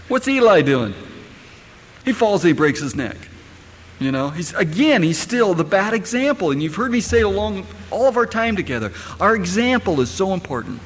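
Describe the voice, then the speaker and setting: A man's voice: sits high, sing-song, normal speed, a little hiss or hum. A middle-aged man, a pastor, preaching a sermon and firing rhetorical questions at his congregation. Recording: echoey hall, faint ambience.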